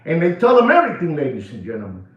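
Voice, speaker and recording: A watch dealer with a voice on the high side moves at a quick pace through an excited, off-the-cuff video monologue. Animated and repetitive, he shouts, laughs and mixes in Spanish, with echoey, dull audio.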